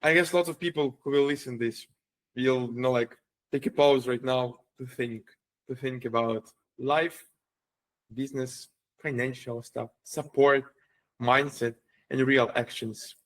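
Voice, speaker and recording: A man hosting a podcast, speaking reflectively and haltingly, leaning on "you know, like.". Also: medium pitch, fairly even intonation. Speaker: podcast host. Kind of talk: casual podcast conversation.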